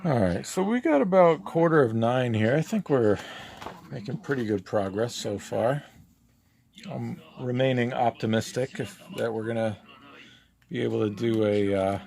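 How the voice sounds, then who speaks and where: A man streaming himself drawing live, chatting casually with viewers in a relaxed, rambling way with lots of fillers. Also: medium pitch, unhurried, creaky. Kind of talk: casual chat while drawing.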